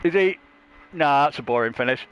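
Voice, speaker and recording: A man's voice: medium pitch, animated, brisk, clean tone. Jokey man on a dull stream. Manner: jokey, crude, laughs often. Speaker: livestream race commentator. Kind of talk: casual banter commentary.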